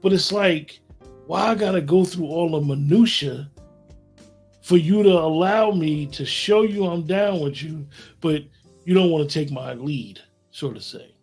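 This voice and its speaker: A man hosts a casual podcast, circling and repeating himself as he works toward his point. His voice is husky and sits a little high for a man. Faint music plays underneath. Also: a little slow, a little mellow. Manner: rambling, repeats himself when making a point.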